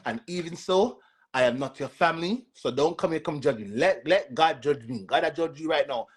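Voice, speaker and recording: A man's voice: fairly high pitch, normal speed, slightly rough. Jamaican man, casual live-stream host, sassy and repetitive, talks back to his comments.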